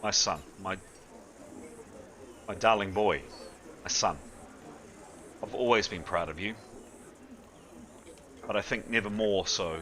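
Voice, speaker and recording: Brief: proud aging warrior mother, stubborn, bright forceful tone, played by a man. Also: on the low side, slight background noise, pitched above the performer's own voice. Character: older woman, proud stubborn mercenary commander.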